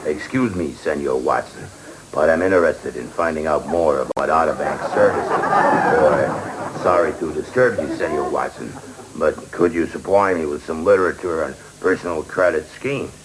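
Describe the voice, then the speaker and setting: An actor playing a menacing, godfather-style male bank manager in a TV sketch, with a deep, slow, threatening drawl. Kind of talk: 1980s TV sketch comedy. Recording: noisy old TV broadcast.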